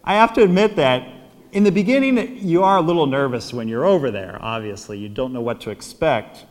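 A man with an American accent, a priest giving a homily, an animated storyteller who acts out quotes and laughs often. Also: mid-range voice, a little fast, big-room sound. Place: church.

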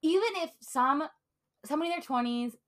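A woman's voice: high-pitched, brisk. A woman co-hosting a podcast, candid and reflective in casual chat, swearing casually. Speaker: podcast co-host.

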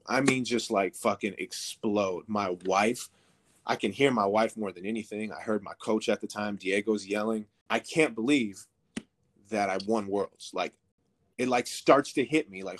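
Low-voiced man telling a story, profane. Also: unhurried. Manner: profane, rambling, filler-heavy. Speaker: podcast guest. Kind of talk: casual storytelling.

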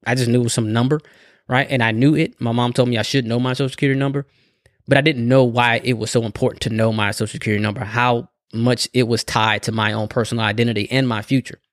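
A man's voice: medium pitch, steady tone, fast talker, no echo, clean studio sound. A man hosting a podcast in casual solo talk, conversational, often tagging his sentences with "right?" and laughing now and then. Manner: conversational, keeps adding "right?" as a tag. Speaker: podcast host.

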